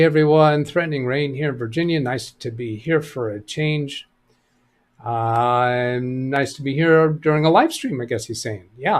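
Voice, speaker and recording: Reading out his viewers' chat messages, a middle-aged streamer fields computer questions, relaxed and reasoning aloud as he goes. He has a slightly high voice.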